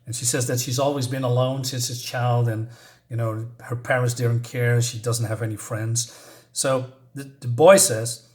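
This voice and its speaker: A man's voice: mid-range voice, fairly even intonation, normal speed. Rambling man retelling a horror story. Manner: rambling, with many fillers and searching for words.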